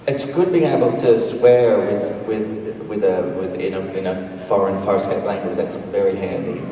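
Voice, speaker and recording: A man's voice: fairly low pitch, fairly even intonation, moderate pace, a crowd in the background. A man answering as a convention panel guest, joking at his own expense and laughing through his stories. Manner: self-mocking, laughing while telling stories. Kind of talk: casual panel chat. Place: large convention hall. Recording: echoey hall, mic heard from far.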